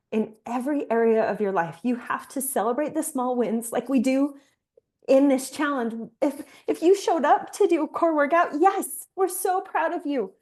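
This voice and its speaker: A young adult woman gently guiding a reflection exercise, talking softly and emotionally with slow encouraging words. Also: on the high side. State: emotional, near tears. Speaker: fitness coach leading a guided exercise. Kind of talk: guided reflection exercise on a live call.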